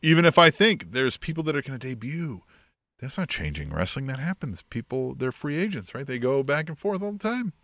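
A man's voice: mid-range voice, very animated, brisk, fairly bright tone, no echo. A man co-hosting a casual wrestling chat podcast, blunt, sweary and sarcastic. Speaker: podcast co-host.

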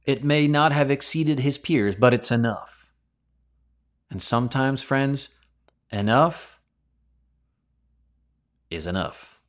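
A man's voice: mid-range voice, slow pace, long pauses. A man teaching scripture verse by verse on a podcast, conversational and full of rhetorical questions. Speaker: podcast preacher.

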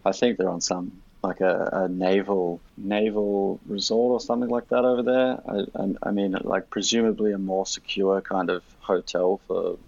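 Australian man, low gravelly voice, husky, blunt and profane, casual podcast chat, dull lo-fi sound. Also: level tone, moderate pace, few pauses, darkish tone, no echo. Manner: blunt, profane, storytelling ranting. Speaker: podcast guest.

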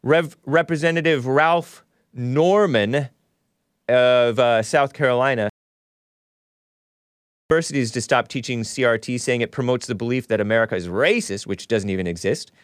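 A man's voice: medium pitch, normal speed, smooth, no echo. Male solo podcast host, combative sarcastic ranter who stumbles and restarts, dry. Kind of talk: solo political commentary.

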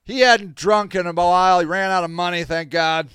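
A man hosting a podcast, telling a story in a casual, animated and exasperated way, swearing freely and laughing between lines. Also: high-pitched, moderate pace, clean tone, no room sound, studio quality. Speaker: podcast host.

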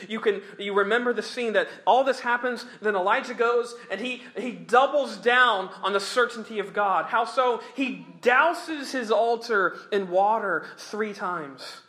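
Bright-voiced high-pitched male preacher. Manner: emphatic, slows for weight, chuckles between points. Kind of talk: sermon with scripture reading.

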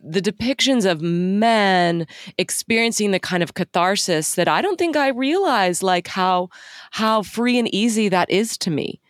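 A woman's voice: mid-range voice, expressive, unhurried, dry recording, studio quality. A woman co-hosting a podcast, talking thoughtfully and sometimes searching for words. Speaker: podcast co-host. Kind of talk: casual chat.

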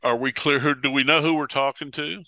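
A pastor talking over preaching texts in casual conversation, a folksy storyteller who acts out the voices of Bible figures. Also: male voice, on the high side, fairly even intonation, moderate pace, sharp tone, dry recording.

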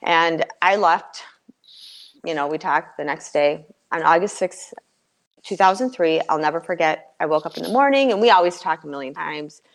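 Speaking low, the middle-aged woman earnestly relates her life story as a guest, stumbling through fillers and starting sentences over many times.

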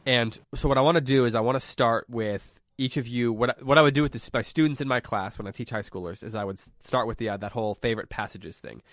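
A man hosting a podcast about short stories, talking casually and correcting himself as he goes, a high school teacher leading the discussion. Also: fast, few pauses, fairly bright tone, dry recording, studio quality. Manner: rambling, self-correcting, friendly.

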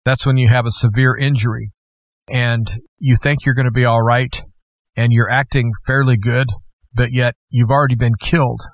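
A man's voice: medium pitch, little pitch movement, normal speed, dry recording. A middle-aged man, a guest host, telling a personal testimony in a plainspoken, conversational way with folksy asides.

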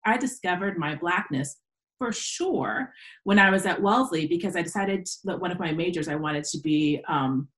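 A woman's voice: normal speed, poor audio. A woman in her forties, an educator, telling stories casually in an interview and acting out quoted voices. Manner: animated storyteller, acts out quoted voices in a higher pitch. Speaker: podcast guest, educator.

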